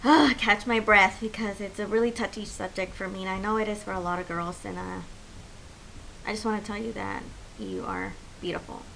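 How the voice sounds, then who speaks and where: A woman's voice: medium pitch, expressive, brisk, creaky, a little hiss or hum, poor audio. A young woman chatting to camera as a beauty vlogger, heartfelt and encouraging, with lots of fillers. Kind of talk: casual chat to camera.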